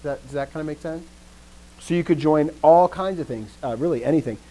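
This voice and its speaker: A man teaching a live grammar lesson, explaining step by step, often answering students with quick affirmations and dry joking asides. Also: on the high side, dark tone, poor audio. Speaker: language teacher.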